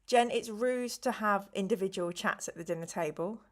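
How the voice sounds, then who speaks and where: A middle-aged woman hosting a live stream, chatting casually and a little slowly because she is tired, with rambling asides and apologies. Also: mid-range voice. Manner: slow, rambling, chatty with frequent ums and apologies. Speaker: live stream host running a gamebook play.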